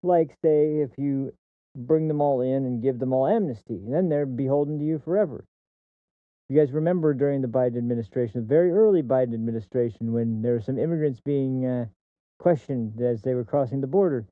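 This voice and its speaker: A man's voice: medium pitch, brisk, dry recording. A male livestream host giving political commentary, ranting in a heated, profane way and often repeating and restarting words mid-sentence. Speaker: streamer host. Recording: dry, tinny phone-like audio.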